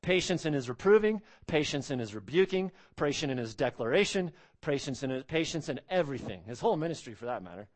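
A man's voice: fairly high pitch, big pitch swings, fast talker, few pauses. Guy preaching a verse-by-verse sermon, punchy and repetitive, lots of "right?" style questions. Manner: emphatic, repeats phrases, asks the audience rhetorical questions. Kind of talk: expository sermon.

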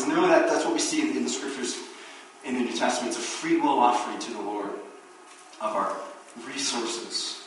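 Animated preacher in an echoey church. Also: male voice, medium pitch, a little fast, a little hiss or hum. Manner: animated preaching, acts out quoted voices. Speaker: pastor. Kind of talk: sermon. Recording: very echoey room, distant mic.

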